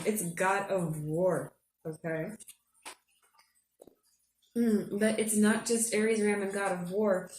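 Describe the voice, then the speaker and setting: A woman's voice: medium pitch, a little mellow. Woman, casual vlog, giggly, chatty, says "okay?" a lot, distant from mic, roomy echo. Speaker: astrology forecaster. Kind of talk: casual spiritual forecast vlog. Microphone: headphones. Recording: roomy echo, a bit off-mic, faint room hum.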